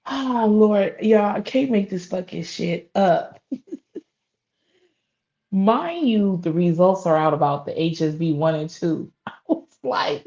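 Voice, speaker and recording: A woman doing casual live-stream gossip commentary, profane and animated, laughing often. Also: medium pitch, unhurried. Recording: slightly dull lo-fi audio.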